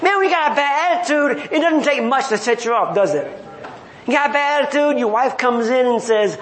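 A man's voice: extremely high pitch, lively intonation, fairly quick, fairly bright tone, reverberant, a little hiss or hum. A man preaching a sermon, reading scripture and then retelling it with humor and acted-out voices. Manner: reads scripture then paraphrases in everyday talk.

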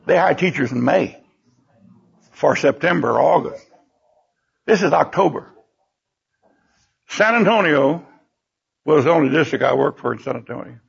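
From the pulpit, an older preacher with a high, heavily gravelly, husky voice tells stories in his sermon at a moderate pace, pausing often and bursting into lively exclamations. The recording is dull and lo-fi.

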